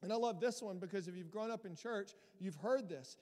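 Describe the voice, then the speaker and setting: In a reverberant church hall, a male pastor with a rather high voice gives a sermon at an ordinary speed. The energy is spirited and emphatic, with his words swelling to loud high points before echoing away.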